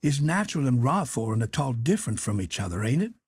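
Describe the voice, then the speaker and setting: A man's voice: mid-range voice, big pitch swings, quick pace, a little mellow, breathy edge, no echo. A man reading an audiobook, voicing a curious young boy who reasons earnestly and asks pointed questions. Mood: reasoning.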